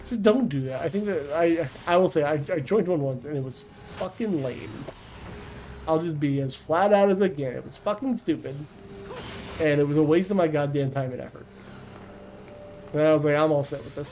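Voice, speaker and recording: A male streamer talks casually on a livestream in a slightly high but mellow voice. He is blunt and profane and rambles with frequent restarts. Faint music plays behind him. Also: rough recording.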